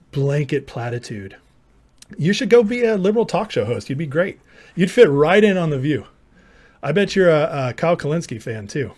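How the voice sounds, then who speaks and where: A man hosting a live stream, his voice sitting a little high for a man. He argues combatively with viewers in the chat, mocking them and turning sarcastic, sometimes aping their lines in a silly voice. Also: a little mellow. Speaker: live show host.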